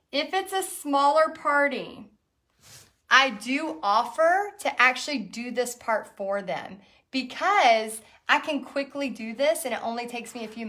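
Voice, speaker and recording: A woman hosting a live step-by-step painting lesson, chatty and quick to laugh as she reads out viewer comments. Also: sits high, pushed and bright. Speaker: painting instructor and host.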